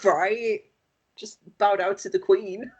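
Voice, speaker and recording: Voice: mid-range voice, takes it slowly, husky, lo-fi sound. Laughing podcast co-host. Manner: laughing, relaxed. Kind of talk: casual film chat.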